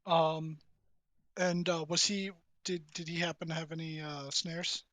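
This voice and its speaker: Player: man with a somewhat high voice, playful and haggling, dry sound. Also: flat delivery, unhurried, fairly bright tone, no echo. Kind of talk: playing a tabletop game over voice chat.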